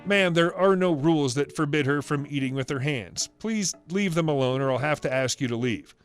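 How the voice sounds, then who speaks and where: A man voicing a polite restaurant manager who calmly asks a guest to quiet down, in a lower, soft voice. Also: moderate pace, faint music behind, close to an everyday voice. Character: calm, polite middle-aged restaurant manager.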